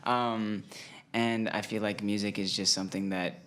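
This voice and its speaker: A man's voice: lowish voice, flat delivery, moderate pace, a bit bright. A young man, a band member, answering interview questions in an easygoing, thoughtful way with frequent fillers.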